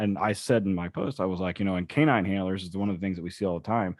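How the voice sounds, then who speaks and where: A man with a fairly low voice chats casually on a podcast, spinning animated stories full of swearing. The sound is dry and close, with no room around it. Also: rapid-fire, few pauses, no room sound. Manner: profane, animated storytelling. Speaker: podcast co-host. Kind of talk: casual chat.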